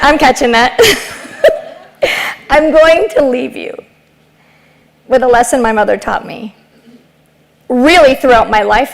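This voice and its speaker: A woman's voice: on the high side, vocal fry. A middle-aged woman from Ecuador giving an emphatic motivational keynote, telling stories and driving rhetorical points home. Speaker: keynote speaker. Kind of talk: motivational speech.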